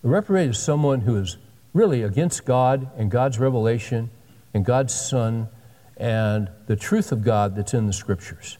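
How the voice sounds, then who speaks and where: A man's voice: mid-range voice, moderate pace, warm tone. Man in his sixties preaching in a hall. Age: 60s. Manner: joking asides, folksy and direct. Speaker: pastor. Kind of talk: sermon.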